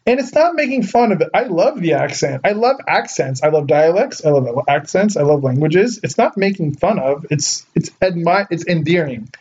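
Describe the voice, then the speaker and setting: Guy cohosting a podcast, kinda high voice, rambles a lot, muffled lo-fi audio. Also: expressive, normal speed, few pauses, darkish tone, husky. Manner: rambling, heavy use of filler words. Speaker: podcast co-host. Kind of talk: casual chat. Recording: muffled lo-fi recording.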